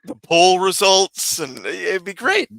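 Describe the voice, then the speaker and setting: A man joking around in casual banter, pitching goofy bits. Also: sing-song, slow pace, gravelly, pushed and bright, no echo.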